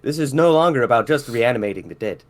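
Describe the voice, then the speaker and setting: A man's voice: medium pitch, expressive, quick pace, natural voice. A man voicing a cold, driven male mad scientist in a podcast read-through, with clipped, insistent delivery. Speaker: podcast co-host. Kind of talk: reading movie dialogue aloud.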